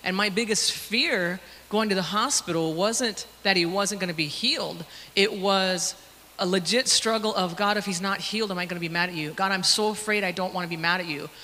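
A young woman tells a personal story of faith to her Sunday school class. She talks haltingly, full of fillers, her emotion showing through a bright, forceful tone. The recording rings with a long church reverb over faint background noise. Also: mid-range voice. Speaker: church member sharing a testimony.

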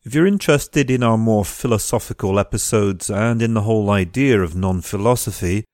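A man's voice: on the low side, brisk, a little mellow, no room sound, studio quality. A man hosting a podcast, introducing the episode and its guest with wry, joking asides. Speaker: podcast host.

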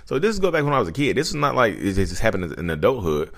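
A man's voice: fairly low pitch, big pitch swings, fast talker, vocal fry. A man in his thirties, a vlogger telling personal stories in a loose, conversational way, often acting out quotes and saying "you know what I mean.". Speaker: vlogger talking about his own personality disorder. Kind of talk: casual storytelling monologue.

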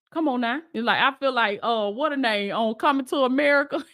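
A woman's voice: sits high, fairly quick, a bit bright. A woman preaching to her online audience, emphatic and repetitive, calling listeners to stand firm. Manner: emphatic, repeats rallying calls, speaks to listeners directly. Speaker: Christian lifestyle coach and preacher.

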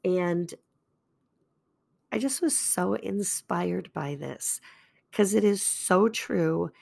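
An older woman hosting a faith podcast, talking calmly in a chatty, self-deprecating way. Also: on the low side, extremely slow, creaky. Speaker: podcast host. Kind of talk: gentle faith podcast talk.

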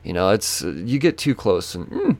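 A man hosting a podcast, telling a story in a casual, profane, animated way. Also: lowish voice, moderate pace. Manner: profane, animated, acts out quoted voices. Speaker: podcast host.

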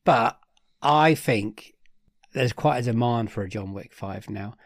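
A man co-hosting a podcast, chatting casually about a film with wry, rambling, deadpan asides. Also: mid-range voice, measured pace. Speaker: podcast co-host. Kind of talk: casual film review chat.

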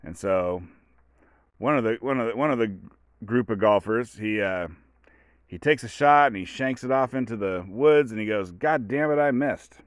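A man's voice: fairly low pitch, moderate pace, no room sound. A man hosting a podcast, talking in a casual rambling monologue full of asides and restarts. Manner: rambling, self-interrupting, storytelling asides. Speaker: podcast host.

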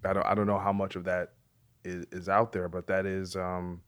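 A man with a low voice hosts a podcast interview in a reflective, conversational way. He often restarts his sentences as he works through his thoughts. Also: little pitch movement, normal speed, a bit bright. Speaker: podcast host.

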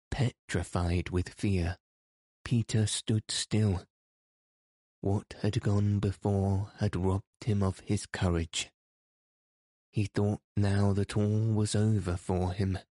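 In a voice on the low side, a male narrator works through an audiobook at an even, measured storytelling pace. The studio sound is clean, with no echo.

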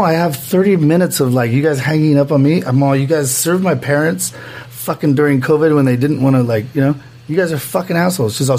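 A man co-hosting a podcast in casual chat, telling a story in an animated way and acting out quotes, with a lot of swearing. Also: a little high. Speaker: podcast co-host.

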